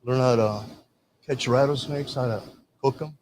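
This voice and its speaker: An older man from Michigan, appearing as a veteran guest, tells rambling anecdotes in casual storytelling and acts out quoted dialogue. His voice is mid-range and darkish, at a moderate pace, with light background noise.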